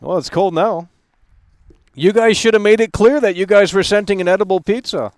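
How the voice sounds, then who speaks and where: A man's voice: high-pitched, moderate pace, dry recording, clean studio sound. A man hosting a live stream, ranting bluntly at his chat and swearing freely. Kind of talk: casual live-stream rant.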